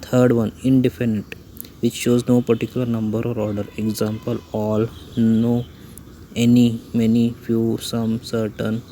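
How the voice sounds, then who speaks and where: Flat-voiced man reciting a grammar lesson. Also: mid-range voice, a little hiss or hum, rough recording. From India. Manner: reads out definitions and example lists one by one. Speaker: English grammar teacher. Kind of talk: slow, even lesson recitation.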